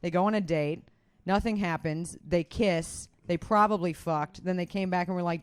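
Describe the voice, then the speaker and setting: A woman's voice: fairly low pitch, moderate pace, clear, resonant tone. A woman co-hosting a podcast, chatting casually and candidly, swearing freely and poking fun at herself. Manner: chatty, swearing, self-deprecating. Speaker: podcast co-host; comedian. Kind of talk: casual chat. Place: indoors.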